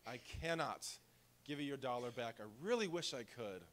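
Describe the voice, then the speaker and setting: A man's voice: mid-range voice, animated, normal speed, a bit bright, a little hiss or hum, close to an everyday voice. A man doing a sheepish talking toy rabbit. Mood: apologetic. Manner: apologetic, sheepish.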